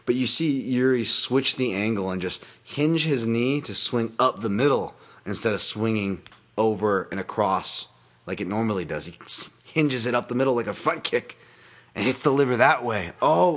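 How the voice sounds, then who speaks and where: Man, podcast host, solo fight breakdown, rambling, animated, profane, average pitch. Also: moderate pace. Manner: animated, rambling, profane, laughs at own bits.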